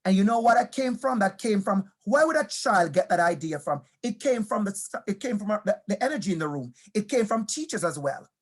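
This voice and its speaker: A man's voice: high-pitched, lively intonation, fairly quick, hardly any pauses. A man giving a motivational talk to teachers, weaving in personal stories, emphatic and repeating key phrases, asking questions and speaking straight to his audience.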